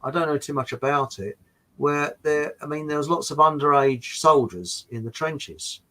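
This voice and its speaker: A man's voice: a little high, normal speed, pushed and bright, rough recording. An English man chatting as a guest, telling rambling anecdotes with frequent restarts. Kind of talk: casual chat.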